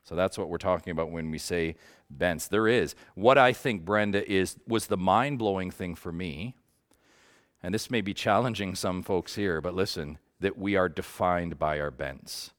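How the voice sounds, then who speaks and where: A man with a low-sitting voice, speaking at normal speed, teaches a Bible study group conversationally. He's earnest and passionate and often checks in with his listeners.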